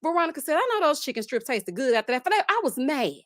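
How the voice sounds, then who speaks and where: A woman's voice: high voice, sing-song, rapid-fire, fairly bright tone, no echo, clean studio sound. A woman, chatting casually and animatedly as host of a reality-TV recap, laughing often and calling listeners child and honey. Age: 30s.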